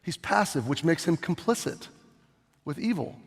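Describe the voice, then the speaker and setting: Animated preaching man with a high voice. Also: moderate pace, breathy edge. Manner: animated preaching, acts out scenes, shifts loud and soft. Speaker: pastor. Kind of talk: sermon. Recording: long hall reverb.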